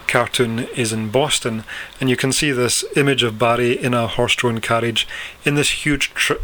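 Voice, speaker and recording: A man giving a recorded lecture, speaking in a measured, questioning way with frequent fillers. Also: medium pitch, bright, forceful tone, a little hiss or hum.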